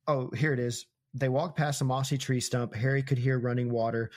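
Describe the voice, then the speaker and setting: A man hosting a podcast, casually recapping a book chapter with quick asides and chuckles. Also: mid-range voice, flat delivery, a little mellow. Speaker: podcast host.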